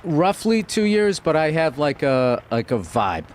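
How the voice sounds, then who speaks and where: A man's voice: fairly high pitch, big pitch swings, measured pace. A man talking as a comedian guest in a casual interview, loose and rambling, with lots of fillers. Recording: noisy background.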